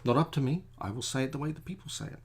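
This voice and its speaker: A man's voice: medium pitch, rapid-fire, breathy edge. A middle-aged man, an artist, chatting casually and digressively as he works on a drawing, often poking fun at himself. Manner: chatty, digressive, self-deprecating. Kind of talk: casual rambling commentary while drawing.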